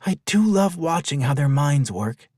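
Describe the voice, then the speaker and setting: A man voicing a gentle, curious woman who asks questions softly. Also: fairly high pitch, animated, a little slow, dry recording, studio quality, voice pushed up.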